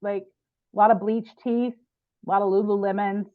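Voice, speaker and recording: A woman guest on a podcast telling a personal story in an animated, chatty way, with frequent "like" and "right?". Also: medium pitch, normal speed, no room sound, phone-quality sound.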